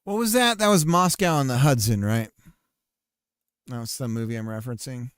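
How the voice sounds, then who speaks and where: A man's voice: mid-range voice, moderate pace, a bit bright, clear, resonant tone, no room sound, studio quality. A man streaming his game playtest, chatting casually and telling rambling, jokey stories. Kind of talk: casual chat while playtesting.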